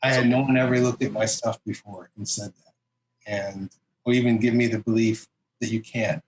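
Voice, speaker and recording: A man telling stories in a relaxed interview, acting out others' voices and laughing often. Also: on the low side, moderate pace. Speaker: interview guest, comic artist. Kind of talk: casual storytelling interview. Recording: roomy echo, faint background noise.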